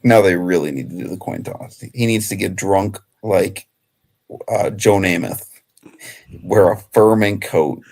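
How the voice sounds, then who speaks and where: A young man on a sports betting panel, joking around with quick, goofy asides. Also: sits low, creaky, darkish tone. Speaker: regular panelist. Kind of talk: casual sports betting chat.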